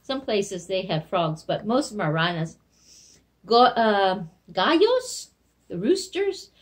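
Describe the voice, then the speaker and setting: A woman's voice: mid-range voice, sing-song, slow pace. A woman teaching beginner Spanish to young children in a recorded remote lesson, quizzing them on animal words in an encouraging way.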